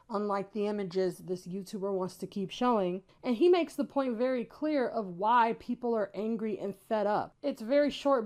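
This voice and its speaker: A woman's voice: mid-range voice, a little mellow. A woman commentator talking through a response video in a rambling, indignant way, with frequent filler "likes". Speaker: YouTube commentator. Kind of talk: casual commentary and rebuttal.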